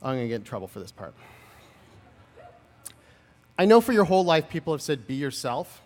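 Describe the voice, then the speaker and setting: A man in his forties speaks at a podium at an outdoor graduation ceremony, his voice pitched high and swinging widely as he spins funny, self-deprecating stories. The PA throws a long reverb tail across the lawn behind each phrase. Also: a little fast. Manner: animated, humorous, self-deprecating storytelling. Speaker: commencement speaker. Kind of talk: graduation speech.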